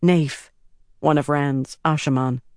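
A narrator reading a fantasy novel aloud in a measured, dramatic storytelling manner. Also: mid-range voice, fairly even intonation, clear, resonant tone, no room sound, clean studio sound. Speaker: audiobook narrator. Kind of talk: scripted fantasy audiobook narration.

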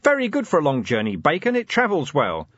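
A man's voice: a little high, wildly swooping pitch, fairly quick, fairly bright tone, dry recording, highs cut off, voice pushed up, full character voice. A man reading an earnest, eager and polite young captain, raised a little above his own voice. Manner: eager and respectful, says sir a lot.

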